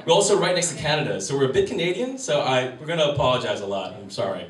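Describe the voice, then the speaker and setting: This man in his 30s from Wisconsin, USA, does a rambling, self-deprecating stand-up set at a comedy club, his voice on the high side, expressive and racing. It's recorded with a distant mic in a roomy live venue, with crowd ambience, room noise and the audience audible.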